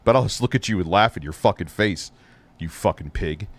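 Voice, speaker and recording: A man's voice: lowish voice, fast, no echo. A man hosting a live stream, ranting with heavy profanity and biting sarcasm. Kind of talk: heated live-stream rant.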